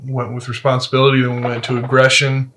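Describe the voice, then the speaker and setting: A man in a casual podcast chat who reasons through things in a measured, questioning way. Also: medium pitch, monotone, bright, forceful tone, a little hiss or hum. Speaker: podcast co-host.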